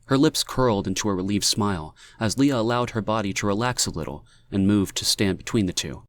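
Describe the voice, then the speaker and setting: A male narrator reads an audiobook in a low, measured voice. The sound is dry and close, with no room around it. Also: a bit bright, dry recording. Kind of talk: scripted narration.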